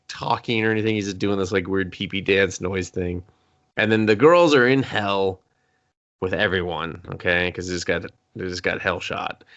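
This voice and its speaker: A man co-hosting a casual comedic movie recap podcast, animated and swearing freely as he retells scenes. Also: sits low, lo-fi sound. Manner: animated, swears freely, mimics characters mid-story. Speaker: podcast co-host, movie reviewer.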